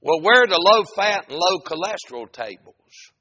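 A man's voice: high-pitched, sing-song, moderate pace, sharp tone, slightly rough, lo-fi sound, voice pushed up, heavily acted. A man voicing a grumpy eighty-five-year-old husband in a joke from the pulpit, with a whiny, fussing way of talking. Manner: whiny and fussing, then indignant. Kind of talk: preacher acting out a joke.

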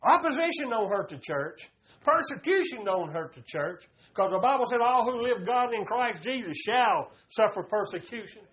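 A man's voice: high-pitched, expressive, normal speed, fairly bright tone. A man, preaching a folksy sermon and calling his listeners "buddy.". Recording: dull lo-fi recording.

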